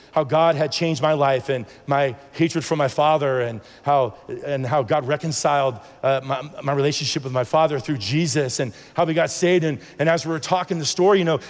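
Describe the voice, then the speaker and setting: In a large hall, a preacher with a fairly high-pitched voice shares his personal faith testimony as a sermon. He's earnest and rambling, restarting often and acting out bits of dialogue.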